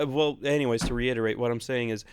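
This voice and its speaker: This man co-hosts a podcast, speaking fast with medium pitch and fairly even intonation while he rambles, laughs a lot, and swears casually. His separately recorded track has a little hiss or hum.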